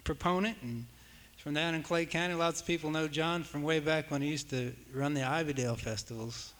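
A man's voice: on the high side, brisk, a bit bright. A man, emceeing an old-time music show on a stage microphone, in an easygoing, folksy manner. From West Virginia. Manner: folksy, easygoing, with homespun phrasing. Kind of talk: live stage announcing. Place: hall at a live music event. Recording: echoey hall with long reverb.

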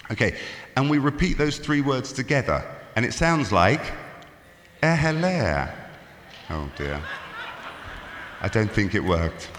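A man's voice: medium pitch, normal speed, few pauses. An English man with a London accent, doing dry, self-mocking comic banter with an audience from a stage. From England. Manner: dry self-mocking jokes, lively ups and downs. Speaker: guest performer on stage. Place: large hall with live audience. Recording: roomy hall, faint noise.

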